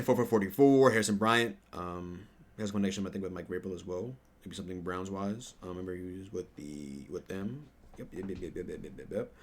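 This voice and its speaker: Male sports fan host, lowish voice, casual rambling stat rundown with fillers and sudden profane outbursts. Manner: rambling, profane, bursts into loud trash talk; fillers and self-corrections while reading stats. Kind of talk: casual stat-reading reaction commentary.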